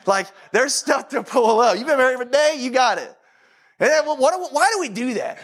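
A man with a high speaking voice gives a sermon in a loose, conversational manner. He often repeats his phrases to press a point home. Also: very animated, brisk, fairly bright tone, breathy edge. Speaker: pastor.

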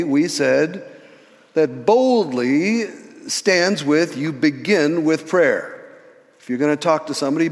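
A male pastor telling a sermon story in a conversational, animated way, in a church hall. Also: on the high side. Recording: long reverb in a large hall.

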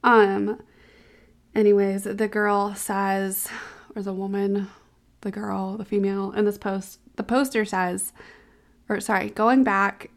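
Candid woman podcast host, mid pitch. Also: little pitch movement, slow pace. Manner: candid, reacts with exclamations and laughs. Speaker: podcast host, physical therapist. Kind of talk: casual solo podcast, reading posts aloud.

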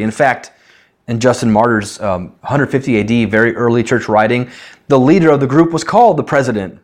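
A man's voice: medium pitch, normal speed. A man teaching a Bible study as a pastor, explaining verses in a conversational way and asking rhetorical questions. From United States.

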